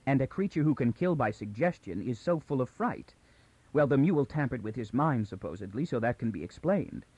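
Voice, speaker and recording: A man's voice: medium pitch, expressive, brisk, a little mellow, breathy edge, no echo, dull audio. A man voicing an intense, frightened young woman in an audiobook, speaking in an urgent, rising way close to hysteria. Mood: urgent, tense. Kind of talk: audiobook character reading.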